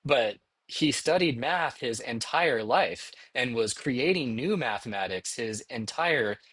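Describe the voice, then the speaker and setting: A middle-aged male math instructor talks through his course slides in a relaxed, encouraging manner, pausing now and then to ask "okay?". His voice sits at an ordinary pitch, and the recording is close and dry, with no room sound. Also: slightly rough, dry recording. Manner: encouraging, conversational, frequent "okay?" check-ins. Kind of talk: recorded lecture narration over slides.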